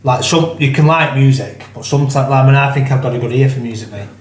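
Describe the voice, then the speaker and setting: A podcast host with a Bolton accent, bantering and spinning playful stories in a casual chat, with plenty of swearing. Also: male voice, medium pitch, quick pace. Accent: Bolton, Lancashire. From England. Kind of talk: casual pub-style chat. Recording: roomy echo, faint background noise.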